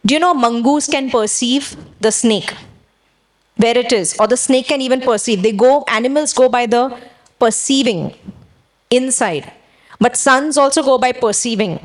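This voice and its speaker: A woman pastor preaching a sermon, exhorting her church and drawing responses with quick questions. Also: on the high side.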